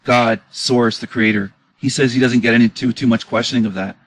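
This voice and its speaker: A man's voice: medium pitch, fairly even intonation, moderate pace, fairly bright tone, no room sound, low-quality recording. A man giving an indignant, emotional reaction commentary on clips, repeating his questions as he argues.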